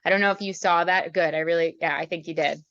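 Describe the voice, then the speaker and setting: A woman riding instructor teaching a student in a chatty, animated way, then leading a guided meditation. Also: fairly low pitch, fast, no room sound, dull audio. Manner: chatty, animated, acts out horse thoughts. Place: outdoors at a horse trailer.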